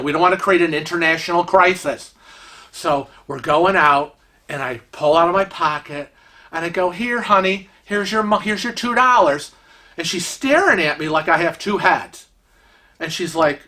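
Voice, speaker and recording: A middle-aged man recounts a travel mishap in a casual, animated way, slipping into the voices of the people he quotes. His voice sits a little high for a man and sounds bright and forceful. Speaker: vlogger telling a travel story. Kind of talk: casual storytelling.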